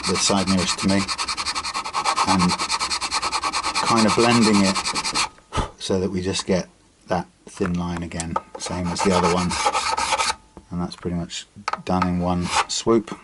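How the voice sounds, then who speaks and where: Low-voiced man chatting over loud filing. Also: flat delivery, unhurried, long pauses. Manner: chatty, thinking aloud with many restarts and fillers. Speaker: guitar repair technician. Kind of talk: casual workshop demonstration. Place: workshop bench. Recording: loud workshop filing noise. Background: file rasping and sanding on metal frets.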